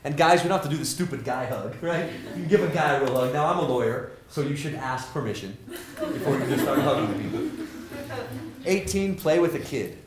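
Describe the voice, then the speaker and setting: Middle-aged male lecturer, lively and joking, plays out voices in his anecdotes; average pitch, roomy hall with faint noise. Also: fairly quick. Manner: animated, joking, acts out quoted people. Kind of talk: energetic lecture to students.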